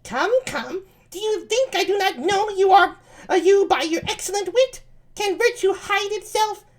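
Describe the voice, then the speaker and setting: A man voicing a waiting-gentlewoman in a strained high falsetto while reading a play aloud on stream. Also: unhurried. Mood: teasing. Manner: falsetto, teasing. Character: shrill high-voiced older waiting-gentlewoman.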